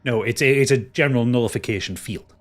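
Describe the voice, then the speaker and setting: Guy running a tabletop game, mid-pitched voice, casual and stumbly as he narrates. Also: fast talker. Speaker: game master.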